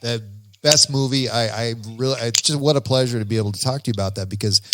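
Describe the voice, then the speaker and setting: A man's voice: medium pitch, fast talker, heavy background noise. A man hosting a casual podcast chat in a studio, enthusiastic and rambling. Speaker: podcast host.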